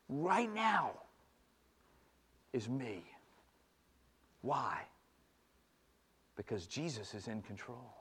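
A man preaching a sermon, moving from hushed, slow passages to loud, fervent ones and repeating phrases for emphasis. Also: high-pitched. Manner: impassioned, swings from hushed to loud. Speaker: pastor.

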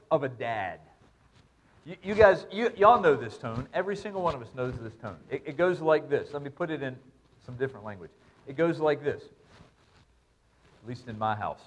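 A man preaches a sermon, reading verses aloud and driving each point home by repeating it. His voice sits high for a man and he talks with steady emphasis. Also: unhurried. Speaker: pastor.

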